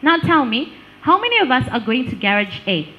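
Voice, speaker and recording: A woman giving a lively workshop talk on branding, asking the audience questions and laughing often. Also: high voice, a little fast, lo-fi sound. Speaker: speaker on digital branding.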